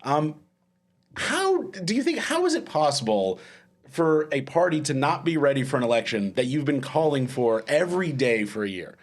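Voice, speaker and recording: A man's voice: on the high side, very animated, moderate pace. A man hosting a comedic panel podcast, rambling and self-mocking, often laughing as he talks. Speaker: podcast host. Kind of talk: casual comedic panel chat.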